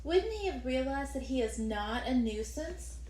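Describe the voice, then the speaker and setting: A woman's voice: sits high, expressive, unhurried, warm tone, echoey room, slight background noise, voice pushed up. A woman voicing an upset young boy who protests with insistent questions in an audiobook. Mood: indignant. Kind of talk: audiobook character voice.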